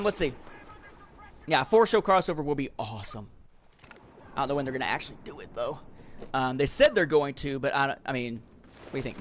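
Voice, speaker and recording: Thirties guy rambling to chat while gaming, lively voice, loud game noise over him. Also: a little high. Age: 30s. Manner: rambling, talks to chat while playing a shooter. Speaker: livestream podcast host. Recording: loud game sounds behind. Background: shooter game audio.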